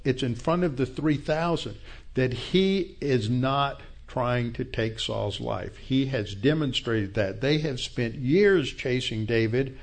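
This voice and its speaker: A man teaching through a Bible passage as a pastor, explaining verse by verse in a conversational way with asides. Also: mid-range voice.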